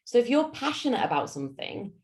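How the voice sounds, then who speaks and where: A woman with a Yorkshire accent giving a lunch-and-learn talk as a public speaking coach, animated and theatrical, her voice swinging up and down. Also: on the high side, a little fast.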